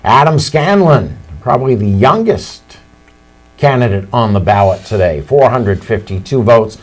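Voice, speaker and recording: A man's voice: mid-range voice, lively intonation, unhurried, soft background music. A man hosting live local election coverage, reading out vote counts with chatty asides and the occasional slip. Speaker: local TV election results host. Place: local TV studio.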